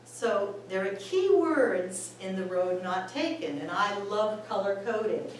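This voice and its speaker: A woman's voice: mid-range voice, animated, a little slow. A woman, a former school administrator, giving a chatty talk on poetry to choir singers, laughing often and reading lines aloud. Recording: echoey room, voice far from the mic, faint background noise.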